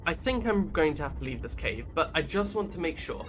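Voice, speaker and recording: A man's voice: fairly high pitch, very animated, fairly quick, slight background noise. A man giving rambling, casual commentary while streaming a game and reading out chat messages. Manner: chatty, rambling, reads chat aloud. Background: game music.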